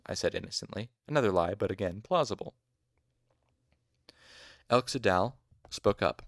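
A man's voice: sits low, moderate pace, vocal fry, dry recording, studio quality. A man reading a fantasy novel aloud in casual audiobook narration, with off-the-cuff asides. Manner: casual asides, mild exasperation at hard names. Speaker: audiobook reader.

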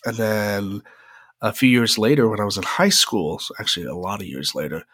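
A young man tells a personal story in a loose, rambling way, dotting it with "uh" and "um". His voice sits a little low, and the recording is close and dry with no room sound. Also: brisk, fairly bright tone, dry recording. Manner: chatty, rambling, frequent "uh" fillers. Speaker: podcast host. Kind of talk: casual solo storytelling.

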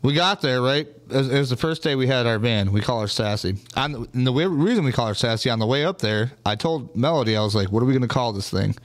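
A man hosting a casual livestream, telling stories in an animated, profane way. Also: medium pitch, quick pace, few pauses. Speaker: host.

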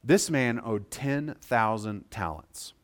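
A man preaching a sermon as pastor, talking conversationally and checking in with his listeners, moving between quiet, slow passages and louder, quicker ones. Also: mid-range voice, expressive.

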